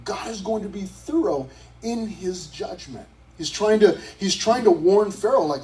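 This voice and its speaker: A man's voice: sits high, expressive, unhurried, a little mellow, far from the mic, poor audio. A man, a youth pastor, teaching scripture to a group in a casual, conversational way, often restarting his sentences.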